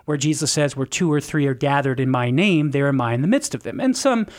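A man's voice: medium pitch, expressive, fairly quick. A man on a call-in radio show, explaining church teaching in an earnest, teacherly way. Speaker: Catholic apologist radio guest.

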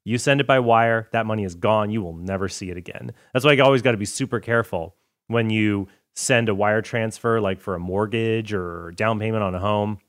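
A man's voice: lowish voice, a little fast, no room sound, clean studio sound. A man hosting a show, talking casually with asides and brief mock voices. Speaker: podcast host. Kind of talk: casual commentary.

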